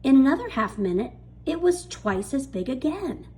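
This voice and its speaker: A woman reading a children's book aloud in a lively, expressive storytelling manner. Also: sits high, moderate pace. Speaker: reader.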